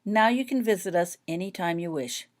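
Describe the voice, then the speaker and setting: A woman voicing a calm, firm adult wizard and father in a storybook reading. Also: on the low side, normal speed, lightly acted.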